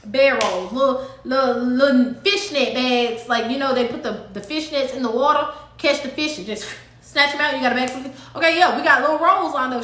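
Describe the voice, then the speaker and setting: A woman telling a dramatic story to her live viewers in a casual, animated way, acting out what people said. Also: high-pitched, fairly quick, echoey room, a little hiss or hum. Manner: animated, dramatic retelling with acted-out quotes. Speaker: live-stream host.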